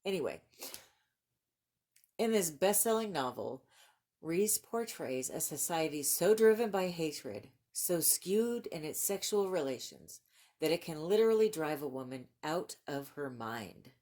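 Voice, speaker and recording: Low-voiced, gushing woman book vlogger. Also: unhurried. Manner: gushing and excitable, laughs often. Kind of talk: casual book haul chat, reading blurbs aloud.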